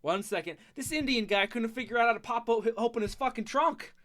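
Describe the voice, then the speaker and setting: A storyteller telling a story in a rambling, swearing way, full of restarts and sudden loud bursts. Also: mid-range voice, brisk.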